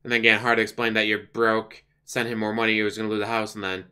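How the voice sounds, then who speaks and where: A man's voice: lowish voice, level tone, fast talker, sharp tone, clear, resonant tone. A man giving casual, sarcastic, mocking commentary on a live stream.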